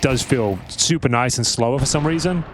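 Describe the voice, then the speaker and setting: A man's voice: medium pitch, moderate pace. A man commenting on esports in a laid-back, teasing way between plays. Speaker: esports caster. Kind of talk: casual commentary banter. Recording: clear background noise.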